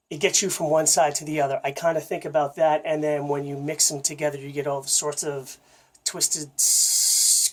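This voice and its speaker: Man teaching drums in a loose, halting way, recorded on a phone, low-fi sound. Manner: relaxed, halting, many filler words. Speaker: drum teacher. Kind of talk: casual spoken drum lesson. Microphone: phone camera. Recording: low-fidelity phone audio.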